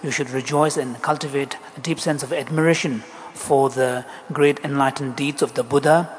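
A man's voice: mid-range voice, steady tone, normal speed. A man interpreting a Buddhist teaching, hesitant, with many ums and uhs. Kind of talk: interpreting a dharma talk. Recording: long hall reverb, faint noise.

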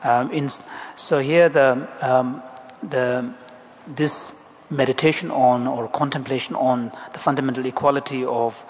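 A man's voice: mid-range voice, steady tone, unhurried. A man interpreting a Buddhist teaching, hesitant, with many ums and uhs. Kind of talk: interpreting a dharma talk. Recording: long hall reverb, faint noise.

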